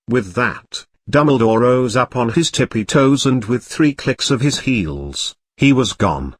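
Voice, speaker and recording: A man narrating a comic parody storybook in an even, plain reading. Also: mid-range voice, unhurried, hardly any pauses, husky, dry recording.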